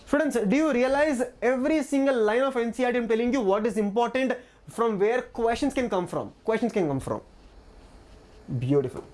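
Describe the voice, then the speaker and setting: A woman's voice: fairly high pitch, darkish tone. A woman with an Indian English accent teaching a live online biology class, repeating key phrases and asking the chat for doubts, a little out of breath. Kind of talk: live online exam-prep lesson.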